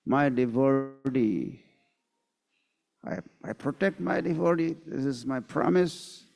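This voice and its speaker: A man's voice: mid-range voice, gravelly, darkish tone. A man giving a scripture lecture as a spiritual teacher, telling a story and acting out the quotes. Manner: slow, unhurried storyteller who acts out quotes. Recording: long hall reverb.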